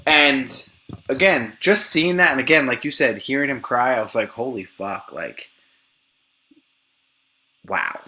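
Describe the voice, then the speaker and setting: A man telling a story as a guest in a casual podcast chat, animated and profane, acting out what others said. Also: mid-range voice, moderate pace.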